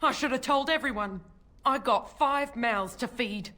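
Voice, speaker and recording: A woman's voice: high-pitched, unhurried, bright, forceful tone. An actress playing a bitter, hard-up mother of five in a video game, cold and contemptuous. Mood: scornful.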